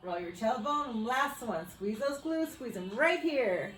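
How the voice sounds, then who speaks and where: An upbeat woman fitness coach talks a class through a floor workout, cheering with whoops and sounding slightly out of breath as she exercises along. Her voice is a little high and rings in an echoey room with faint music behind it. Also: lively intonation, unhurried, hardly any pauses. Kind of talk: workout instruction.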